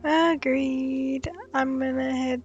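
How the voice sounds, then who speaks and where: A woman with a high voice, playing her character with dry, teasing remarks. She hosts the game podcast and jumps in with quick questions. Light music plays in the background. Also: level tone, lo-fi sound. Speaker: podcast host and player.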